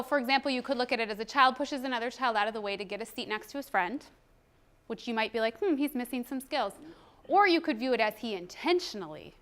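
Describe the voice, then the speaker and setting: A woman in her thirties giving a workshop presentation as a trainer, animated and quick to laugh. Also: fairly high pitch. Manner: animated, laughs often, acts out quoted voices. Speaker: parenting and behavior trainer.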